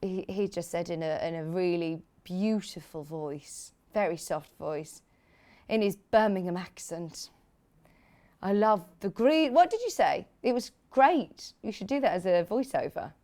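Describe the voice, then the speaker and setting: A woman presenting products on live shopping television, chatty and enthusiastic, joking with the crew between sales pitches. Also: animated, a little slow, warm tone.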